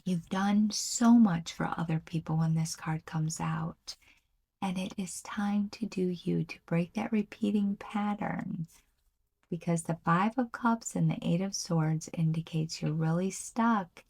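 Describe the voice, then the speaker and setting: A woman reads weekly tarot cards in a dark, husky voice. She speaks earnestly and often slips into a soft half-whisper. She also leans hard on each card's name. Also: fairly low pitch, unhurried. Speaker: tarot reader. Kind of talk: weekly tarot horoscope reading.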